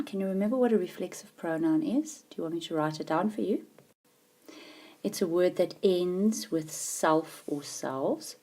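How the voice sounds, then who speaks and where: A woman with a low voice teaches a grammar lesson. She talks patiently and leans hard on key words, stopping to ask if the learner is following along. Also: a little mellow. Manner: patient, emphatic, checks understanding with questions.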